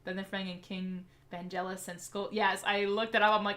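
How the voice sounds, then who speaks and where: A woman's voice: medium pitch, normal speed. A woman hosting a casual livestream Q&A, chatty and eager as she answers viewer comments aloud. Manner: eager and excitable. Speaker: livestream host.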